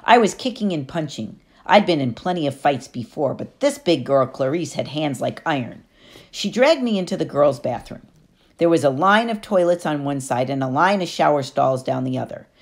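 A woman's voice: low voice, lively intonation, moderate pace. A woman narrating a first-person audiobook in a wry storytelling manner.

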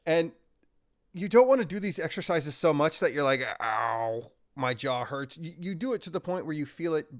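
A man's voice: a little high, a little fast, darkish tone. A man, a breathwork coach, talking energetically and impulsively as a podcast guest, acting out his examples. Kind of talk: casual podcast conversation.

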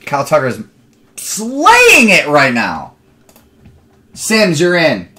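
A man's voice: a little high, huge pitch swings, slow pace, sharp tone. A young man hosting a live card break stream, chatting with viewers and rambling into stories between picks.

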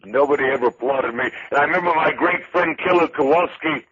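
An older man, a retired wrestler, spinning loud, boastful, folksy stories as a guest in an interview. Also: on the high side, a little fast, slightly rough, dull audio. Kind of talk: interview storytelling.

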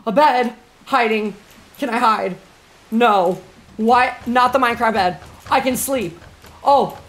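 A woman streaming a horror game live, chatting excitably with her viewers and swearing whenever something startles her. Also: a little high, slight background noise.

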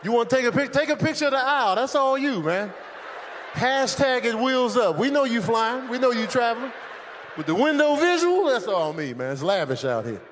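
A man doing live stand-up comedy on stage, animated and loud, shouting out his impressions of airport staff. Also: very high-pitched, moderate pace, slight background noise. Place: comedy stage with a laughing audience.

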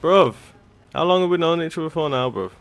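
A young man giving gameplay commentary, loud, swearing often and full of street slang. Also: fairly high pitch, animated, very fast, vocal fry, faint music behind. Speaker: gaming YouTuber.

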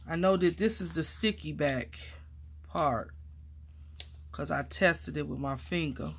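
A woman vlogging casually while mounting stamps, chatty and excitable, calling viewers y'all and honey, and dropping to quiet murmurs as she works. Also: low voice, a little slow, vocal fry, slight background noise. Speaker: crafting vlogger. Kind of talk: casual chat while crafting.

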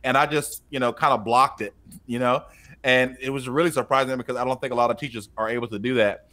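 With a mid-range voice and quick pace, a man who teaches and co-hosts a podcast tells a casual story about his class. His delivery is animated, and he raises his voice to act out what people said.

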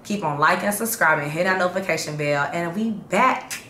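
A woman's voice: deep voice, quick pace, bright, forceful tone. A woman from Chicago talking casually to her viewers in a slangy, chatty vlog update that gets hyped up. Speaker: vlogger. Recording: roomy echo, faint background hum.

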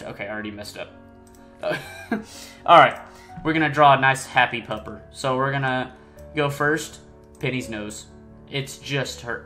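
A man casually commenting on his own gameplay. He rambles, pokes fun at himself and breaks into sudden excited squeals. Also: medium pitch. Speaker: gaming channel host. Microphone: desk mic, no face cam. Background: faint game music.

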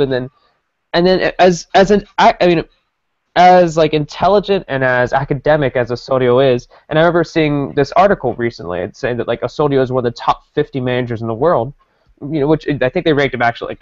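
A man from Mexico co-hosting a casual discussion, animated and repeating words as he builds a point. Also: fairly high pitch, dry recording. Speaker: podcast co-host. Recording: dry, dull lo-fi recording.

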